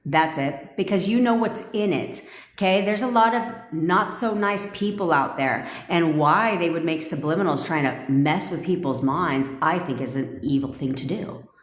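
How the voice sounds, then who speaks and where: A woman's voice: deep voice, normal speed. A woman in her thirties from California, a manifestation coach talking bluntly and profanely in a casual livestream from home on a phone. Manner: blunt and profane, heated rants. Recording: roomy echo.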